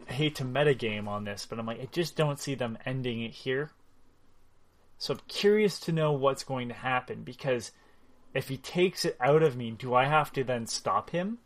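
A man in casual chat recapping a video game story, animated, swearing freely and acting out what characters said. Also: mid-range voice.

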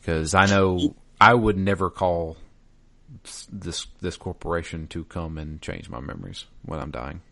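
A man co-hosting a podcast in casual chat, reading a listener's message aloud in a relaxed, slightly hesitant way. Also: low-pitched, a little slow. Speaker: podcast co-host.

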